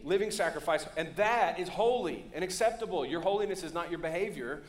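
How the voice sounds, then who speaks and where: A man preaching a lively sermon as pastor, joking and calling on the congregation to respond. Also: high-pitched, fast, reverberant. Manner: joking, calls for audience response. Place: church sanctuary.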